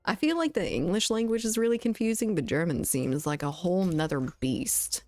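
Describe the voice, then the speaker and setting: A woman's voice: on the low side, lively intonation, normal speed, darkish tone, no room sound. A woman from the southern United States with a mild Southern accent, chatting casually with her chat while streaming a game and often laughing.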